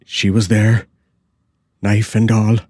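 A man's voice: on the low side, level tone, slow pace, a little mellow, no echo, studio quality, pitched above the performer's own voice. Man playing a frantic gasping young servant. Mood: breathless. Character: panicked young male servant Hegan. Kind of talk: horror story narration.

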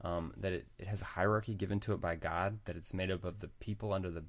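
A man with a very low voice co-hosts a casual podcast, laying out points one after another. The sound is close and dry, with no room echo. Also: quick pace. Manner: explanatory, recapping points in a steady list. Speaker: podcast co-host. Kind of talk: casual chat.

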